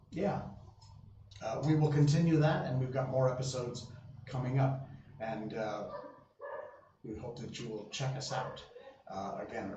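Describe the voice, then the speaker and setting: A man's voice: medium pitch, dull audio. A man hosting a live stream, chatting casually with viewers in a rambling way full of fillers and restarts. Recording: roomy sound, voice from a distance, faint hum.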